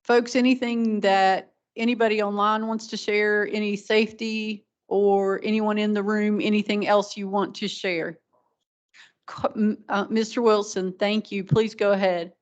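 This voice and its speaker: A woman chairs a community meeting in a flat, even voice, pausing on ums as she works through practical reminders. The recording is dull and lo-fi. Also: mid-range voice. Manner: practical, with frequent ums and restarts. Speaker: meeting organizer. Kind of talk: running a public meeting.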